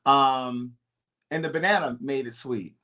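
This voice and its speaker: A man's voice: medium pitch, unhurried, bright, forceful tone. A man from Baltimore chatting casually and animatedly on a call, laughing often. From Baltimore, USA. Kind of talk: casual chat.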